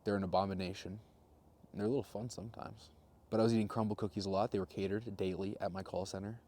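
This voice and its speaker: Young man in his twenties, low-pitched, casual vlogger, wry deadpan storyteller. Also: fast talker. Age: 20s. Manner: wry, self-mocking storyteller with deadpan jokes. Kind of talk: casual rambling monologue.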